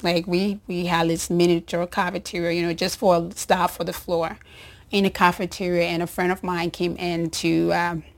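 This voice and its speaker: A woman who works as a nurse, telling a personal story to her audience, emotional and rambling, with soft laughs and phrases dropped to a breathy whisper. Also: on the low side, little pitch movement, moderate pace. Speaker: nurse and show host.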